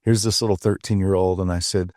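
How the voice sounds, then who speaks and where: Low, dark-voiced older man. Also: little pitch movement, a little fast, no room sound, clean studio sound. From Tennessee. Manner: earnest, folksy, trailing off with ums. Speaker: guest. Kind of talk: casual storytelling interview.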